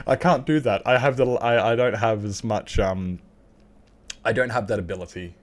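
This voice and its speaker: A man's voice: mid-range voice, normal speed. An Australian man chatting casually and candidly as a livestreamer while gaming, swearing freely and laughing often.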